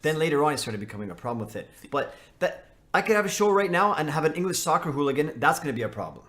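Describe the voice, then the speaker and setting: A man on a casual podcast chat, laying out his reasoning in a measured way. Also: fairly high pitch, big pitch swings, a bit bright.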